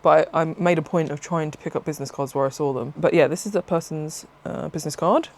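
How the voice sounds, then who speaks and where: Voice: mid-range voice, fast talker. Chatty craft vlogger, rambling. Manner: rambling, excitable, self-interrupting, laughs often. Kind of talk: casual chatty vlog.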